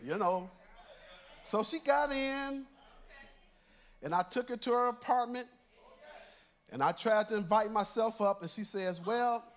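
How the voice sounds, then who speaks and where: An older church elder preaches a sermon in a high voice, a little slow and with frequent pauses. He tells a personal story conversationally, chuckling through his lines.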